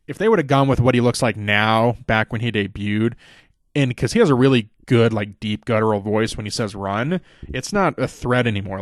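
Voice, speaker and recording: A man's voice: mid-range voice, no room sound, clean studio sound. A man hosting a podcast, recapping a show in a casual, rambling way with lots of swearing and fillers. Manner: rambling, profane, many fillers. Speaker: podcast host.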